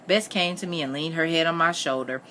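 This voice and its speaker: Low-voiced woman reading a novel aloud. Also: brisk, a little hiss or hum. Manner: steady first-person narration. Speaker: reader.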